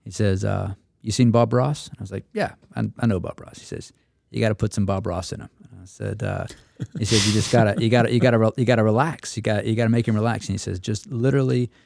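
A man's voice: fairly low pitch, steady tone, quick pace, creaky, a little mellow, no room sound. A man who is an instructor pilot, telling stories in a casual roundtable chat and acting out the people he quotes. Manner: storytelling, acts out quotes.

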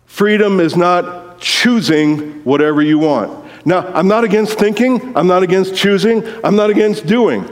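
Slow-talking preacher in an echoing hall. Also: male voice, sits high. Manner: storytelling, acts out movie lines with sudden shouts. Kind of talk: sermon. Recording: long hall reverb.

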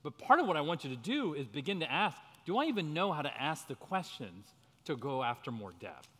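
Man, church workshop leader, earnest, animated pitch, long hall reverb. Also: a little fast.

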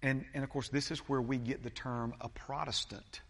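A man, a pastor preaching a sermon, talking haltingly with many fillers and restarts. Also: mid-range voice, flat delivery, fairly bright tone, in a large hall.

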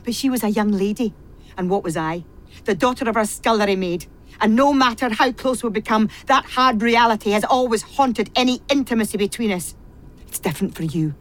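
A woman's voice: fairly high pitch, brisk, lightly acted. An actress playing a bitter, repressed woman who has served a family since childhood, pouring out a venomous confession in a radio play.

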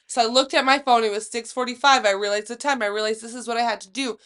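A young woman co-hosting a podcast, telling a story in a casual, profane, animated way and acting out the quotes. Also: fairly high pitch, fast talker, clear, resonant tone. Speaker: podcast co-host. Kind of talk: casual chat.

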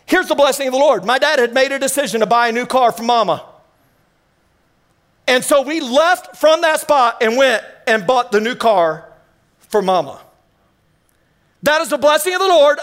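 A man preaching a sermon as pastor, telling a family story with energetic exclamations. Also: extremely high pitch.

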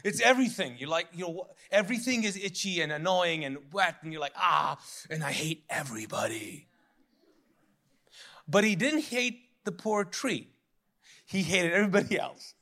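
With a high-pitched, brisk voice, this pastor preaches in an animated, chatty style. He cracks jokes, laughs at himself, and performs the voices of figures from the Bible.

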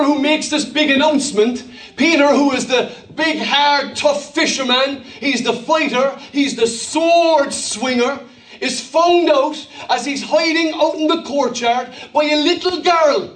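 A man's voice: very high voice, unhurried, fairly bright tone. An Irish man preaching a sermon as pastor, telling a story with emphasis and calling for responses. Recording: roomy hall, mic at a distance.

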